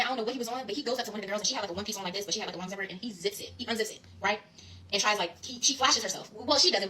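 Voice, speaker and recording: A woman in her twenties telling a story in a casual, animated and emphatic way, talking straight to her listeners. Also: mid-range voice, rough recording. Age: 20s. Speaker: guest storyteller.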